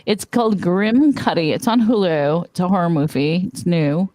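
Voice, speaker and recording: A woman's voice: lowish voice, moderate pace, dark tone, no room sound. Chatty, laughing woman on a stream. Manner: chatty, laughing, swears casually. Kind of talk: casual livestream chat.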